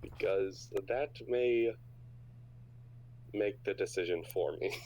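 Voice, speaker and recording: Low-voiced man playing a tabletop game. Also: slow pace, a little mellow, a little hiss or hum, low-quality recording. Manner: hesitant, sorting through options aloud. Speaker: player. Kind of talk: casual tabletop game chat.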